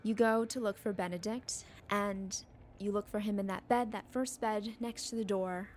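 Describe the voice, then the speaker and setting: A woman running a tabletop role-playing game, narrating scenes in a relaxed, descriptive way. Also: mid-range voice, moderate pace, slight background noise. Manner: relaxed, descriptive, some fillers. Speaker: game master.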